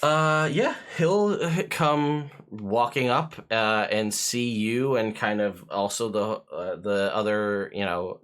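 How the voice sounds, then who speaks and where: A man's voice: on the low side, takes it slowly, hardly any pauses, fairly bright tone. A man running a tabletop game as game master, describing scenes and asking players questions with many hesitations. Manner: hesitant, full of fillers and restarts while describing scenes.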